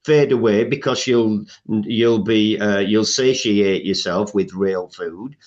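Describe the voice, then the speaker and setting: A man's voice: fairly low pitch, slow, darkish tone, dull audio. A man speaking as a health coach guest in a podcast interview, emphatic, listing things off, with frequent "uh" fillers.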